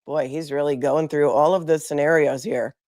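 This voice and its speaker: A woman's voice: low-pitched, steady tone, normal speed, darkish tone, dry recording, clean studio sound. A woman attorney giving live legal commentary, reading transcripts aloud with blunt, sarcastic asides.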